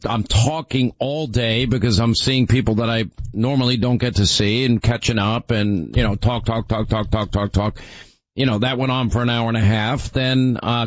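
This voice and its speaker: A man's voice: mid-range voice, no room sound, dull audio. A man hosting a radio show, chatting casually and rambling, his voice sore from too much talking. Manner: rambling, self-deprecating. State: sore, strained voice. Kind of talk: casual chat.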